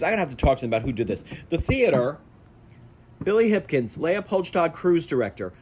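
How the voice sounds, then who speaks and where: A man filming himself on his phone, his voice swinging up and down with feeling as he gushes and teases himself. He sounds close to tears, warm-hearted and self-mocking. A faint hiss sits under his casual, chatty delivery. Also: mid-range voice, very animated, moderate pace. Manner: gushing, emotional, self-mocking, with laughs. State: emotional, near tears. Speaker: theater wardrobe worker and vlogger. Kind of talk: casual selfie vlog. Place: at home, then a bathroom.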